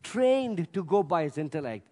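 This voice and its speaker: A man preaching a sermon with emphatic delivery that swells to loud peaks. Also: fairly high pitch, sing-song, normal speed. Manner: emphatic, rising to loud peaks, acts out scripture voices. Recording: long hall reverb.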